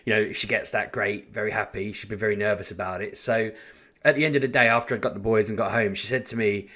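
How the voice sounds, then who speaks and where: A man telling a story in a casual vlog, in an animated, chatty way with frequent restarts. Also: lowish voice, quick pace. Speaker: vlogger.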